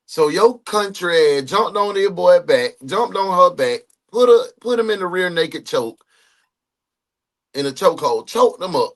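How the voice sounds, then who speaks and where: A man with a Southern accent hosting a live reaction stream, joking loudly and calling out to his chat. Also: high-pitched, animated, a little slow. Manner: loud, joking, calls out to chat. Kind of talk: casual live-stream commentary.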